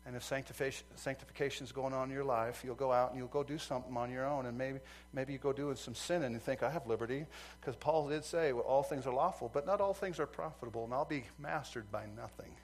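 A male preacher delivering a sermon, swinging from loud fervent outbursts to quiet earnest asides. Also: mid-range voice, quick pace, hardly any pauses, a little hiss or hum.

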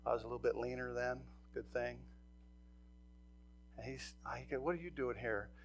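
A middle-aged man preaching a sermon, telling a story and swinging between loud bursts and hushed near-whispers. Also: medium pitch, fairly even intonation, moderate pace, faint music behind. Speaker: pastor.

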